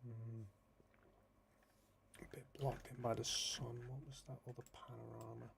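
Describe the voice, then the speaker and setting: A man hosting a casual livestream, muttering quietly to himself as he works, then speaking up to address his viewers. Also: mid-range voice, level tone, measured pace, creaky, background noise. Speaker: livestream host. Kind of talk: casual livestream chat, thinking aloud.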